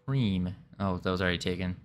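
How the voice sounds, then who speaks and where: A man with a low, brisk, clear and resonant voice live-streams his game development, chatting casually and playfully with viewers while he codes. Faint music plays in the background.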